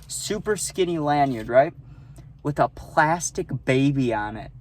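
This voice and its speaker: A man's voice: a little high, lively intonation, measured pace, a little mellow, a little hiss or hum. Profane young man rambling a storytime. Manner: profane, rambling, keeps asking "right?". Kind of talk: casual storytime.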